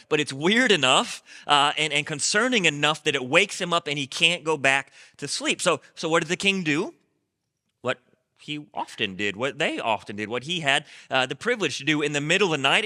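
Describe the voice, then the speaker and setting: A man's voice: on the high side, animated, a little fast, bright, forceful tone. A man preaching a sermon as pastor, speaking conversationally, repeating words and asking rhetorical questions.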